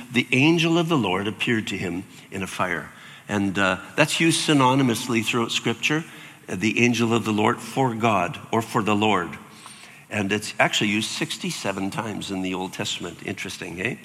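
An older man preaching a sermon as pastor, animated and acting out voices with sudden jumps in pitch. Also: moderate pace, big-room sound.

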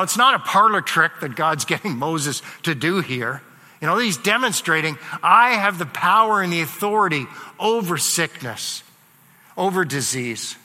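A man's voice: fairly high pitch, bright, forceful tone. A man whose first language is German, preaching a sermon in a conversational way with asides and fillers. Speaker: pastor. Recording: long reverb of a large hall.

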